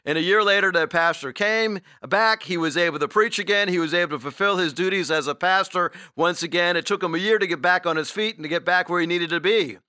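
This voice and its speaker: A man's voice: sits high, a little fast, hardly any pauses, pushed and bright, smooth, no room sound, studio quality. A man preaching a sermon, earnest and encouraging, with rhetorical questions to the congregation. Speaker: pastor.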